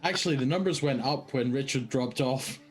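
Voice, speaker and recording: A man in a middle pitch chats on a group video call about a film he helped write. He drops dry, wry remarks between the others' stories. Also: normal speed, husky, soft background music, low-quality recording. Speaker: co-writer on a commentary track. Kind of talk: casual commentary chat.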